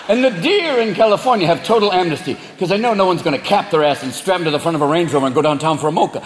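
A male stand-up comedian performing, animated, profane and loud. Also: fairly high pitch, rapid-fire, few pauses. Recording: echoey hall with loud crowd.

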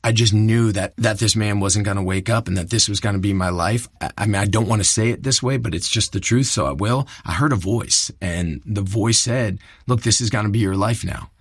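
A man in his thirties, an actor telling a personal story in an interview, earnest and halting, often repeating words as he restarts. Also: lowish voice, husky, no echo, clean studio sound. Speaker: actor, guest.

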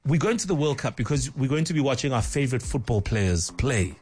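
A man's voice: medium pitch, lively intonation, fairly quick, a little mellow, faint music behind. A South African man interviewing a child, enthusiastic and laughing often.

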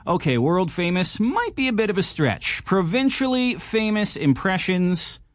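A man on radio with a high, lively voice that jumps all over the place. He talks in a self-mocking, jokey way, close to a studio mic in a dry booth. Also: unhurried, no room sound. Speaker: radio host. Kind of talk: casual radio bit.

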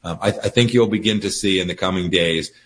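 A man giving firm, measured political commentary as a guest, often repeating words as he starts a sentence. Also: deep voice, a bit bright. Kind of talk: political interview by phone or video link.

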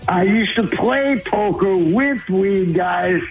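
Fired-up slow-talking male caller on a dull line. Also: sits high, animated, gravelly, faint music behind. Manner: fired up, earnest, laughs often. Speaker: regular caller. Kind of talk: call-in radio chat.

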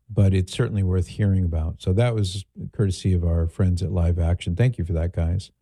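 A man's voice: fairly low pitch, dry recording. A man hosting a talk radio show, chatting casually as he introduces audio clips, with fillers and asides. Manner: relaxed, conversational, with fillers and asides. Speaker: radio host.

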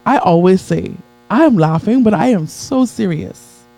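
Unhurried and with vocal fry, a man delivers a motivational sermon to a live audience. He builds with repeated phrases and call-and-response, shifting from soft, low asides up to high, excited climaxes, and the recording quality is low.

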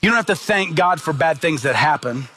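High-voiced man preaching a sermon. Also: expressive, a little fast, sharp tone, faint music behind. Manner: earnest, emphatic preaching with rhetorical questions. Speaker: pastor.

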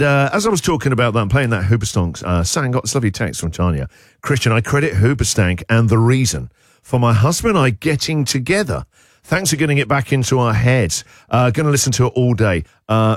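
A man's voice: mid-range voice, no room sound, studio quality. A man hosting a radio show, chatting with stumbles and asides and reading a listener's message aloud. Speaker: radio host. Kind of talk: breakfast radio chat, reading a listener's text.

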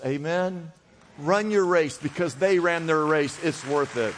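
A man preaching a sermon to a congregation, calling out to the crowd and swinging between loud emphasis and quiet drops. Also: a little high, a little slow, slight background noise. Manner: preaching with call-and-response, rising and dropping emphasis. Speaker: pastor. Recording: long reverb of a large hall.

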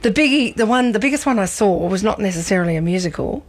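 A woman chatting on the radio about theatre, animated and quick to laugh, with many ums and restarts. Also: mid-range voice. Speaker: radio presenter and arts reviewer. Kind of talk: casual radio chat.

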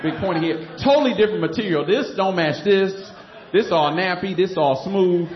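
A man's voice: high-pitched, moderate pace. A man, a stand-up comic telling a story on stage, laughing as he goes and acting out voices. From Detroit, USA. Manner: animated, laughing through lines, acting out voices. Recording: roomy, muffled live recording with noise.

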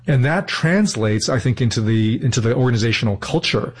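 A man's voice: medium pitch, expressive, fairly quick, husky. Earnest thoughtful man explaining. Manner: thoughtful, restarts mid-sentence. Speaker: interview guest.

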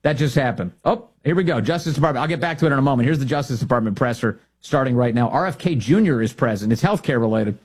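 A man's voice: mid-range voice, expressive, quick pace, few pauses, a little mellow, slightly rough. A man hosting an opinionated political talk show, mocking and trading insults in asides.

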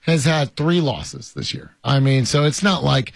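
A man's voice: medium pitch, sing-song, unhurried, gravelly, no room sound. Man talking sports, dry sound. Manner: conversational, many fillers, emphatic repetition. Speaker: sports talk host. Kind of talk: casual sports radio chat.

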